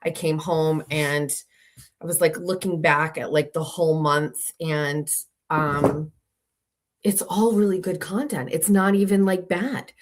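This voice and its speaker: A woman's voice: low-pitched, measured pace, background noise. A woman hosting her own livestream from home, chatting casually and loosely with lots of fillers and restarts. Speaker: livestream host.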